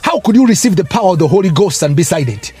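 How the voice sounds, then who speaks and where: A man's voice: high voice, sing-song, fast, a little mellow, slightly rough, faint music behind. A man preaching a fervent sermon, breaking into tongues and rising exclamations.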